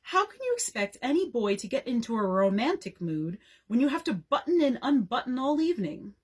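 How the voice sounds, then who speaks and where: A woman's voice: a little high, very animated, fairly quick, breathy edge. A woman reading aloud as an exasperated teenage girl who complains theatrically.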